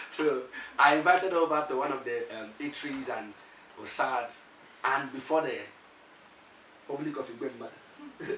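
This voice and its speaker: A Nigerian-accented male preacher tells his story with lively, animated energy, stumbling and repeating words as he goes. His voice sits at an ordinary middle pitch and is picked up from a distance in a reverberant room, with a faint hiss of background noise underneath. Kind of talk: motivational testimony. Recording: echoey room, voice from far off.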